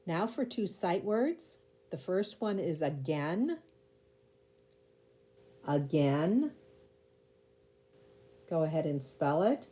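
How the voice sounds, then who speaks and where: A woman's voice: lowish voice, very animated, slow pace, long pauses, mellow. A woman teacher giving a spelling lesson, patiently sounding out words and spelling them letter by letter.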